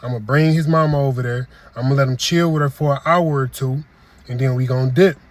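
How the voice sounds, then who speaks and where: Deadpan man telling a comic story. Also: medium pitch, fairly quick. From Detroit. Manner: deadpan storytelling with voiced quotes. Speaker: comedic storyteller. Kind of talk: comedy skit monologue.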